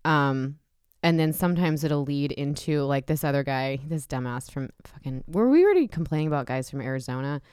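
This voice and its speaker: A woman's voice: low-pitched, expressive, brisk, a little mellow, smooth, no room sound, studio quality. A woman talking frankly in casual chat as a podcast co-host, chatty and candid with lots of filler words.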